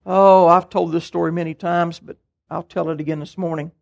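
An older man, preaching a sermon and telling stories in a folksy, animated way. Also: a little high, a little fast, vocal fry. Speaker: pastor.

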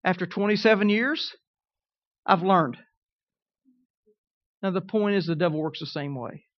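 A middle-aged man preaching a sermon, telling humorous stories with lively rising emphasis. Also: high voice, measured pace, dry recording, dull audio.

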